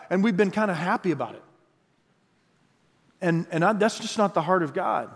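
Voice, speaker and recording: A man's voice: high voice, normal speed, long reverb tail. A man preaching an earnest sermon, reading scripture aloud and stretching words for emphasis. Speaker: pastor.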